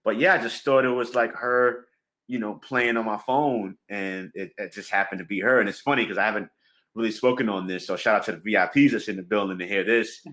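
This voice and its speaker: A man guest in a casual interview, telling a lively story, acting out phone calls and laughing often. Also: fairly low pitch, fairly quick. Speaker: music producer and drummer guest.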